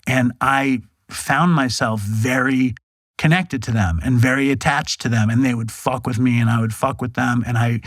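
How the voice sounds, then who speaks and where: A man's voice: medium pitch, moderate pace, a bit bright, no room sound. A middle-aged man from New York, a podcast guest telling his story in a frank, self-deprecating way with casual swearing. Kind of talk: candid storytelling interview.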